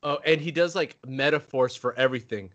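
A man's voice: mid-range voice, fairly quick, fairly bright tone, highs cut off. A man co-hosting a podcast, chatting casually and enthusiastically. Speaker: podcast co-host. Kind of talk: casual chat.

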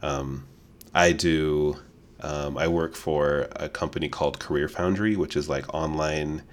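A man's voice: rumbling low, steady tone, measured pace. A man co-hosting a podcast in casual chat, laughing often and rambling with fillers. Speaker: podcast co-host.

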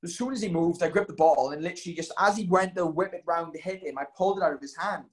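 A man's voice: fairly high pitch, rapid-fire. A young man telling stories in casual chat, rambling with lots of ums and likes.

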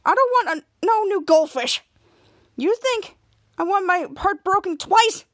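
A woman's voice: very high-pitched, animated, a little slow, no room sound, studio quality, pitched above the performer's own voice. A woman voicing an angry, petty man who demands a refund, speaking in a pushy, exaggerated way. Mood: indignant.

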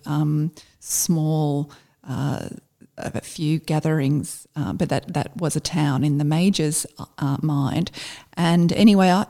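A middle-aged woman recounts her army days in a relaxed, conversational way. Her voice sits low and gravelly with a warm, mellow tone. She talks haltingly, with plenty of fillers and restarts. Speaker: former army officer telling a story. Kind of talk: conversational storytelling.

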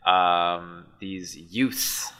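A man's voice: deep voice, steady tone, extremely slow, sharp tone, smooth. A man co-hosting a casual podcast chat, telling a story in a rambling, sarcastic way with many restarts. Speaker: podcast co-host.

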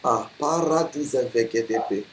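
Nigerian-accented pastor, animated sermon delivery, mid-range voice, pidgin asides. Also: medium pitch, measured pace, a little hiss or hum. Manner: emphatic, mixes in Nigerian pidgin. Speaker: preacher.

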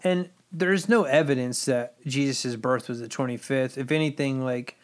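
A man's voice: medium pitch, normal speed. A man co-hosting a casual podcast chat, dropping wry, sarcastic asides between explanations. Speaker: podcast co-host.

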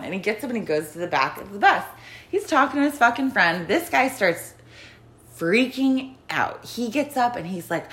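A woman co-hosting a casual podcast, telling bus-driving stories in an animated way, laughing often and acting out quotes. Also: on the high side, moderate pace. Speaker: podcast co-host, bus driver. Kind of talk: casual storytelling chat.

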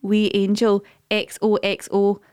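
A Scottish woman co-hosting a podcast, animated and quick to laugh in casual chat. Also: medium pitch, clean tone, no echo, studio quality. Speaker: podcast co-host.

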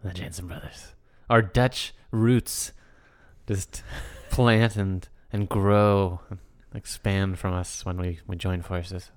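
A man's voice: low voice, steady tone, takes it slowly. A man co-hosting a podcast in casual chat, trading wry jokes with his partner. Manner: wry, joking banter. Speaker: podcast co-host.

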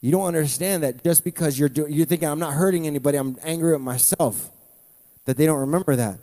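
A man preaching a sermon, animated, with playful asides to the congregation. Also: fairly high pitch, fast talker, long reverb tail. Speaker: pastor.

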